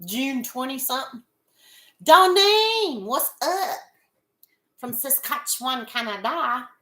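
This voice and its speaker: Congested woman, unhurried. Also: high-pitched, animated, pushed and bright, reverberant. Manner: greets chatters by name, chuckles often. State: congested with a head cold. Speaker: livestream host. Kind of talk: casual livestream chat.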